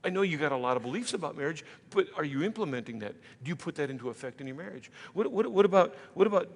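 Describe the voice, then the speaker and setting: A man preaching a sermon as pastor, conversational, slipping into quick voices of imagined listeners. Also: on the high side. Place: church sanctuary. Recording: church hall with long reverb.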